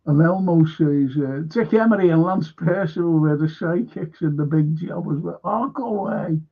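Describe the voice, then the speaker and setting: A man's voice: fairly high pitch, normal speed, narrow, tinny audio. A man hosting a casual film chat, retelling scenes and laughing as he goes. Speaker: host.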